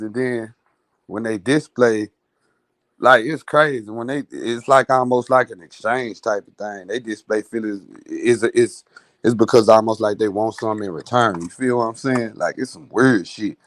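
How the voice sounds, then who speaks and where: A man's voice: medium pitch, normal speed, no room sound. A man in casual chat on a live stream panel, talking bluntly and emphatically with lots of profanity.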